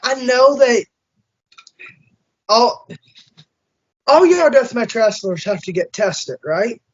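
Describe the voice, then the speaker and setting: Hyped host dude swearing a lot, pretty high voice, dull lo-fi sound. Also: male voice. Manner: excitable, profane, fast bursts. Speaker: interview host. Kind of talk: casual interview chat.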